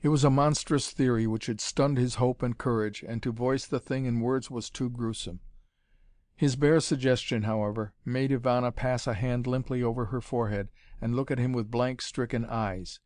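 A man reading an adventure story aloud as narrator, in a measured, dramatic manner. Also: medium pitch, fairly even intonation, darkish tone, no echo, clean studio sound. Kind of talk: audiobook reading of pulp adventure fiction.

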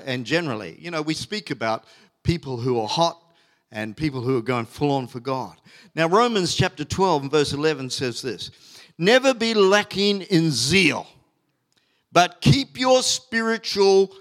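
A man's voice: fairly high pitch, fairly bright tone. Middle-aged man preaching a fervent sermon. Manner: emphatic preaching, stretching key words slowly, many fillers and restarts. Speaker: pastor.

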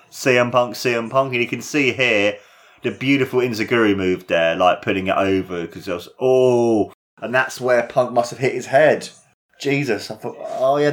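Excitable man calling wrestling play-by-play. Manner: excitable, jumps up in pitch at big moves, swears. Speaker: commentator. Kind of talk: casual play-by-play commentary of a wrestling match.

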